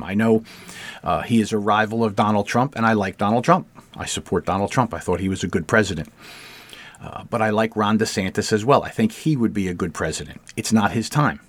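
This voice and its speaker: Emphatic man, low and dry. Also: no room sound. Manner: emphatic, repeats words when stressing a point. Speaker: podcast host. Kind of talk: opinionated political commentary.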